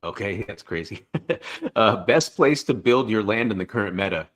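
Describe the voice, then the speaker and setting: A man co-hosting a gaming podcast, reading questions in a relaxed, low-key way. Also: normal speed. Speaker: podcast co-host.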